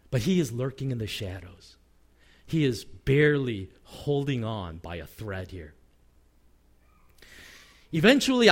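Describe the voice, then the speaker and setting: A man preaching a sermon as pastor, acting out quoted lines and letting his voice drop low at the ends of phrases. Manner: animated, acts out quoted voices; drops pitch and volume at phrase ends.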